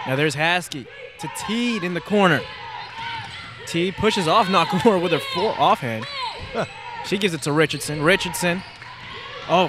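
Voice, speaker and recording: A high-pitched man delivers fast, excitable play-by-play of a basketball game. His voice jumps to shouts whenever a big play lands. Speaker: play-by-play announcer. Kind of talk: live basketball play-by-play commentary.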